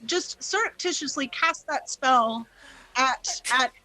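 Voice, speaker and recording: Woman game master, chatty and loose, with a bright, high voice. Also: animated, takes it slowly, poor audio. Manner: casual, chatty, many fillers. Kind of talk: narrating a tabletop game.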